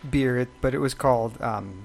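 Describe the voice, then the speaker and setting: A man's voice: mid-range voice, a little fast, vocal fry, darkish tone. A man co-hosting a casual podcast chat, telling travel stories with frequent laughs and stammered restarts. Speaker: podcast co-host.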